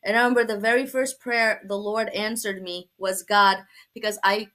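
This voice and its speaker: Bright-voiced Brooklyn woman telling her story. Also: mid-range voice, normal speed. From Brooklyn, New York. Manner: animated storyteller, laughs often, acts out quoted dialogue. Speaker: guest sharing testimony. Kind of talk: personal testimony in a talk show.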